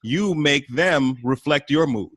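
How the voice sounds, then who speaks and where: A man's voice: fairly high pitch, lively intonation, takes it slowly, fairly bright tone, dry recording. A man hosting a podcast, responding to his guest with encouraging, upbeat advice. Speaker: podcast host. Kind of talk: conversational interview.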